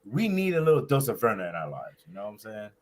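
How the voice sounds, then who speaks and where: A man hosts a fan panel in a playful, slangy way. His pitch swings around a lot as he jokes with the guests. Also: huge pitch swings, fast talker. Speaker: panel moderator. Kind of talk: casual panel hosting.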